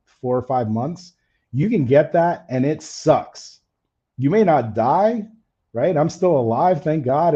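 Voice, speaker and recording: Male stream host, easygoing and candid, slightly faded mellow voice, dull audio. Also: medium pitch. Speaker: camera-gear channel host. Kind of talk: casual live stream chat.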